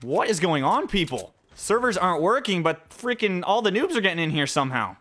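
A young man hosting a gaming channel, excitedly narrating his own gameplay and reacting out loud to every shot. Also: high-pitched, a little fast, a little hiss or hum. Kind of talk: live gameplay commentary.

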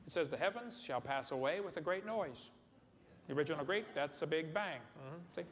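A man's voice: fairly high pitch, expressive, fairly quick. A man giving a humorous lecture to a live audience in a large hall, folksy and joking, often putting questions to the crowd. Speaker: seminar speaker. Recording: echoey hall, faint room noise.

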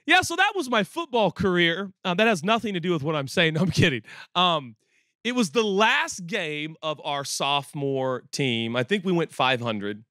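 A man in his forties preaching a sermon, telling stories and joking with the congregation in an animated way. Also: fairly high pitch, normal speed, dry recording, studio quality. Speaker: pastor. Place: church auditorium with audience.

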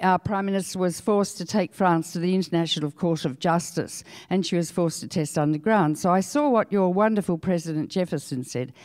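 Older Australian woman, lowish voice, frank lecturer; dry close mic with a long hall tail. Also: a little mellow. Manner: storytelling, frank and outspoken. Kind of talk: public lecture.

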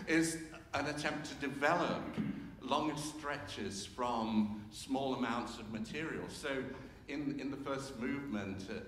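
A man's voice: mid-range voice, fairly bright tone, a little hiss or hum. An older man, a composer chatting informally to a concert audience about his symphony and humming its themes. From England. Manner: hums and sings themes to illustrate, with self-deprecating humour. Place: large concert hall. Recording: roomy hall reverb, faint ambience.

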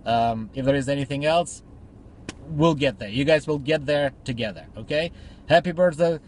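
A man records a casual birthday video for a friend, his voice sitting a little high. He swears a lot and jokes crudely, then turns warm and sentimental. A faint background hum runs under the recording. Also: normal speed.

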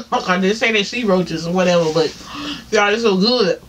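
High-voiced chatty Southern man eating. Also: moderate pace, a bit bright. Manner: chatty, laughing, talks while chewing, addresses viewers as y'all. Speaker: mukbang vlogger. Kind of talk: casual eating-show chat.

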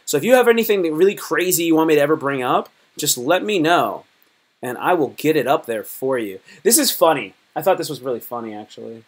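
A man's voice: on the high side, expressive, a little fast. A man from Virginia chatting casually on a live stream, joking and rambling in a loose, slangy way. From Virginia, United States.

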